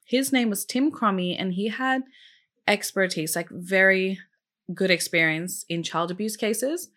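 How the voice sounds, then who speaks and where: A woman's voice: mid-range voice, a little slow, fairly bright tone. Chatty woman telling a true crime story. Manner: chatty, many fillers like "like" and "um"; asks listeners questions directly. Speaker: true crime podcast host. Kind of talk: casual storytelling.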